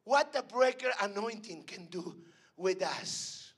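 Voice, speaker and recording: A man preaching a sermon at an evening church service, swinging between loud emphatic calls and hushed lines. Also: high-pitched, expressive, slow, husky.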